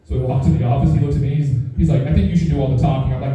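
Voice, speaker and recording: A man's voice: medium pitch, racing, soft background music. A young man doing stand-up comedy, telling a profane story and acting out the voices in it, recorded live. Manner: profane, animated, acts out quoted voices. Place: live comedy show in a house. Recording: echoey room, mic far off.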